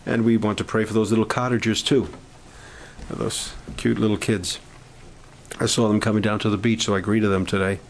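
A man leading a camp prayer meeting, speaking in an informal, halting sermon style with restarts and growing fervor. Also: lowish voice, level tone, a little hiss or hum, poor audio.

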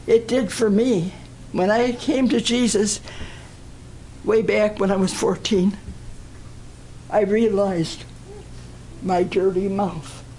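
An older woman giving a personal testimony at a church gathering, telling her story in an earnest, deliberate way. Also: mid-range voice, steady tone, warm tone, a little hiss or hum, poor audio.

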